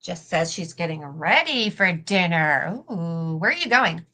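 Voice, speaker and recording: A woman's voice: lowish voice, sing-song, a little slow, bright, forceful tone. A young adult woman hosting a casual craft live stream, chatting in a rambling way with lots of fillers and the odd swear. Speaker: cosplay prop maker and live-stream host.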